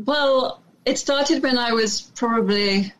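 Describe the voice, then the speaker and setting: A woman's voice: on the high side, slow pace, a bit bright, low-quality recording. A woman from England with a British accent, an actress talking casually as an interview guest, hesitant with many restarts.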